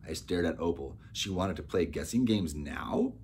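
A man narrating an audiobook in a steady storytelling manner. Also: deep voice, moderate pace, a little hiss or hum. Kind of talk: scripted narration.

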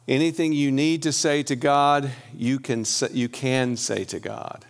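Middle-aged male church teacher; gravelly, conversational delivery with frequent pauses. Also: medium pitch, steady tone. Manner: conversational, pauses with fillers and restarts.

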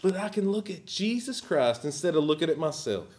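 A man's voice: a little high, sing-song, brisk, a little mellow. A man preaching a sermon as pastor, emphatic and at times sarcastic.

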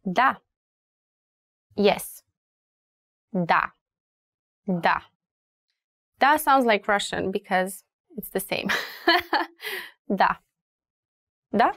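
A Romanian woman with a Romanian accent, teaching travel phrases slowly and repeating each one for learners. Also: medium pitch, no echo, clean studio sound. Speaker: language teacher. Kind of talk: language lesson.

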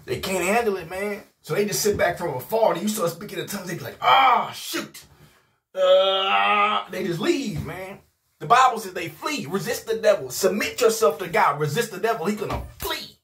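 A man preaches a rowdy, emphatic sermon in an informal video, his voice a little high for a man, brisk, fairly bright, with lively intonation. He keeps returning to "man" and to promises that he means it, and there's a little hiss or hum.

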